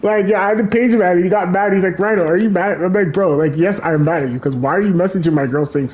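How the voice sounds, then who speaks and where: A man's voice: high-pitched, fast, a little mellow. Rambling, swearing young-sounding streamer man. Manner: rambling storytelling, heavy swearing, repeats himself. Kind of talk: casual chat over a game.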